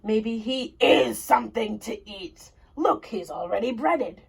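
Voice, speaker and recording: A woman voicing a huge, grumpy giant husband who complains in a slow, booming voice in a storybook reading. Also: animated, creaky, husky, full character voice. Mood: suspicious.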